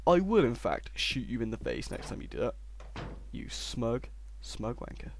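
A young man giving sarcastic gameplay commentary and shouting insults at the game. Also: mid-range voice, sing-song, normal speed, gravelly, slight background noise. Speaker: let's play host.

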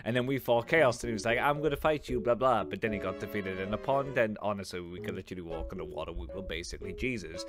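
A man hosting a gameplay video, casually joking and recapping the story, now and then bursting out loudly. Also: deep voice, fairly even intonation, fast, hardly any pauses. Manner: offhand, joking storyteller with sudden loud outbursts. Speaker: gaming video host. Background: game music.

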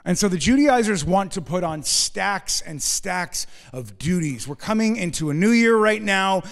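A man preaching a sermon as pastor, emphatic, swinging between loud rising stresses and quiet low asides, with wry humorous remarks. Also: expressive, normal speed. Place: church sanctuary. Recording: long hall reverb in a church.

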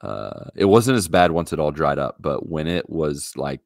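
Super deep voiced guy on a podcast mic, animated, kinda exasperated, dry sound. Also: normal speed, creaky, no room sound. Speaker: podcast co-host. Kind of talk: casual chat.

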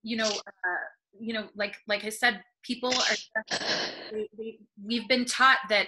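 A woman's voice: fairly high pitch, steady tone, a little slow, bright, forceful tone, low-quality recording. A woman speaking earnestly and encouragingly on a video call webinar, getting emotional as she talks. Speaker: panelist on plant medicine. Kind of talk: webinar talk.

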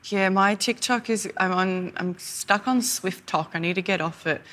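A woman, co-hosting a casual podcast and chatting in an expressive, laughing way. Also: mid-range voice, moderate pace. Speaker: podcast co-host. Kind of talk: casual chat.

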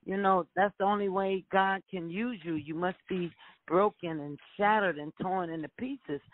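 A woman's voice: lowish voice, moderate pace, no echo. Earnest woman evangelist on a tinny line. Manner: earnest preaching tone. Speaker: evangelist co-host. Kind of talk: testimony on a Christian talk show. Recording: tinny phone-like line with noise.

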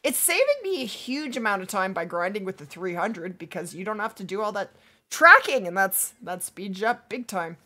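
Lively hoarse-edged woman streamer. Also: mid-range voice. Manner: upbeat, chatty, reads chat aloud, quick to laugh. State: losing her voice. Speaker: livestream gaming host. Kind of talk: casual livestream chat while playing.

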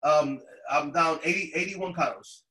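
Man, fairly high voice, excited storyteller who laughs often; echoey room over a video call. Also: measured pace. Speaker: guest sharing a testimonial.

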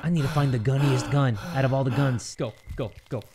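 A young man giving excitable let's play commentary on a game, breaking into shouts and yelps. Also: mid-range voice, brisk, a loud crowd. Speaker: gaming YouTuber.

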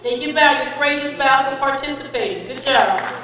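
A woman's voice: high voice, fairly quick, a crowd in the background, background noise. A woman running a spelling bee, patiently reading out each word with its definition and an example sentence, and encouraging each speller as a friend. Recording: echoey hall, voice far from the mic.

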